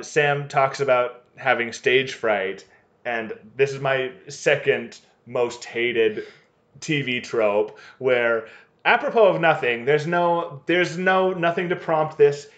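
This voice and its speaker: A man's voice: medium pitch, takes it slowly, fairly bright tone. A man co-hosting a podcast, recapping an episode in casual chat with wry, sarcastic asides. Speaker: podcast co-host.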